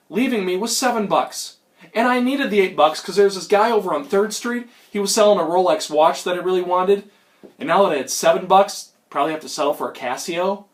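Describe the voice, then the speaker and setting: High-voiced man from Minnesota, getting over a cold. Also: fairly bright tone. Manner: rambling, self-mocking, many ums and uhs. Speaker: magician. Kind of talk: comic storytelling magic routine. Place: at home, indoors.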